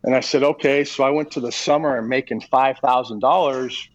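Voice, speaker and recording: A middle-aged man, a baseball coach being interviewed, telling a long personal story in a halting way with many fillers and restarts. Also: mid-range voice, fairly even intonation, muffled recording.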